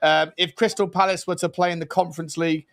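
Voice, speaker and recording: A man's voice: on the high side, flat delivery, fast, a bit bright. A man co-hosting a football podcast in casual, laddish chat, often calling his co-host "mate". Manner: chatty, laddish, lots of "mate".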